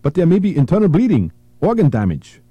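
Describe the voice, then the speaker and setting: A man's voice: on the high side, huge pitch swings, fairly quick, dark tone, slightly rough, dry recording, pitched above the performer's own voice, exaggerated voice. A man voicing a frantic woman who pleads urgently for help for an injured girl. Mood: pleading.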